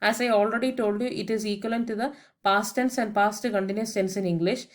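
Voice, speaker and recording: Brief: a woman as patient language teacher, grammar voice-over, slow spelling of each word. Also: mid-range voice, steady tone. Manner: methodical, spells words out letter by letter; explains each point with English translations. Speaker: French teacher.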